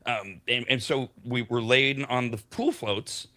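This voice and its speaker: A man's voice: mid-range voice, unhurried, sharp tone. A man hosting a morning talk show, chatting casually and rambling through his stories with many restarts. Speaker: radio show host.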